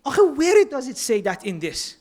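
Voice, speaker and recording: A man's voice: very high voice, huge pitch swings, normal speed, darkish tone. Earnest man preaching. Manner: earnest, mixes Persian words into English. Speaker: speaker at a religious centre. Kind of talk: sermon.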